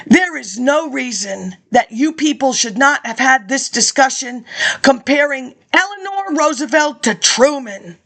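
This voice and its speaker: A woman's voice: high voice, animated, a little slow, creaky, fairly bright tone. A woman talking casually and reading out narration, chatty and laughing now and then. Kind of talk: casual talk mixed with read narration.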